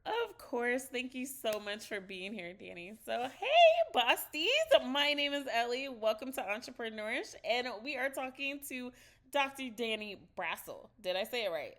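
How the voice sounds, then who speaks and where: A woman with a Southern US accent hosting a business interview show, bubbly and quick to laugh. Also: a little high, fairly bright tone. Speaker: host.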